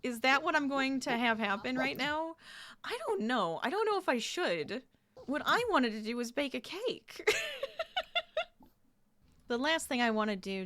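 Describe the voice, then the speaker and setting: A woman gaming YouTuber chatting casually over her gameplay, upbeat and quick to laugh. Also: a little high, fairly bright tone, slight background noise. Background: background music.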